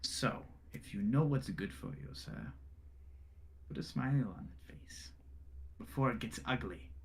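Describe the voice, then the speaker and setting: A man's voice: mid-range voice, sing-song, a little fast, vocal fry, a bit bright, a little hiss or hum. A man voicing a smug male burgomaster who condescends to and threatens a guest. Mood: menacing. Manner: menacing, condescending.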